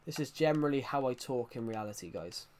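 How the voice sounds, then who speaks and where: A man's voice: medium pitch, animated, brisk, darkish tone. Young male streamer, mid-range voice, rambling and opinionated, chatting with his viewers live. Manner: rambling, opinionated, answering chat comments. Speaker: gaming livestreamer.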